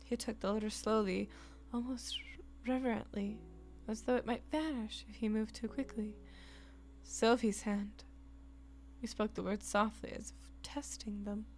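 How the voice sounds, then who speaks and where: A woman streamer reading game narration softly and chatting about the game. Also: a little high, steady tone, unhurried, a little hiss or hum. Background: faint music.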